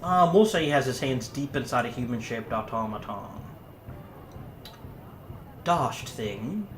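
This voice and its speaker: Animated man reading a game aloud. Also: mid-range voice, brisk. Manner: animated, gasping reactions. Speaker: let's play host. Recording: roomy echo, faint noise.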